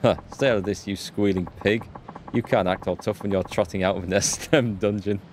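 A man reading the lines of a crude, loudmouthed male street thug from a game, in a coarse and taunting way. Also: on the low side, steady tone, a little fast, a little hiss or hum, lightly acted. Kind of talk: reading game subtitles aloud.

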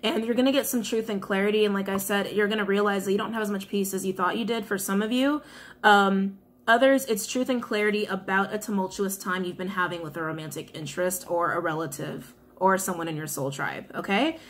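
A woman's voice: mid-range voice, fairly quick. A woman giving a casual, chatty tarot reading to viewers, often repeating her questions to the cards. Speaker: tarot reader.

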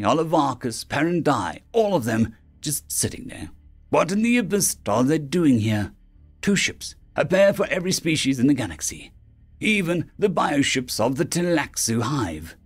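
A male narrator reads a science fiction tale in a polished, scripted way. His pitch rises and falls with a lively swing, and he slips into the characters' lines as they speak. A faint bed of music runs under his voice.

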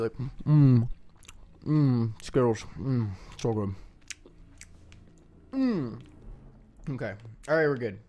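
A man's voice: mid-range voice, slight background noise. A young man from Canada giving rambling, casual commentary while playing a video game, full of fillers and restarts, chewing candy as he talks. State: eating candy while talking. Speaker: gaming YouTuber.

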